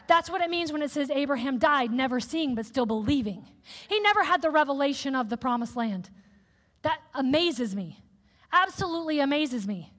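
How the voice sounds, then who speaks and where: A woman preacher giving a sermon in a candid, conversational, animated way. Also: very high voice. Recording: echoey hall with long reverb.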